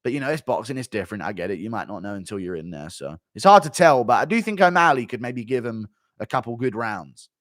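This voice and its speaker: A man's voice: medium pitch, lively intonation, quick pace, a bit bright, no echo, clean studio sound. A man hosting a live stream, reading viewer donations and giving blunt, rambling fight commentary full of swearing.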